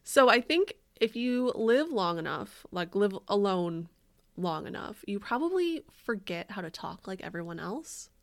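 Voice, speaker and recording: A woman's voice: medium pitch, very animated, measured pace, gravelly. Chatty swearing woman podcaster. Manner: chatty, swearing, laughing often. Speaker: podcast co-host. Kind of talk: casual chat.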